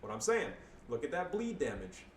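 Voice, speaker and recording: A man's voice: fairly high pitch, sing-song, normal speed, recorded from a distance. A man commentating replays of his own strategy game matches in a loose, crude, joking way, with frequent swearing. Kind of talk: casual gameplay commentary. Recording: echoey room, voice off-mic, faint background noise.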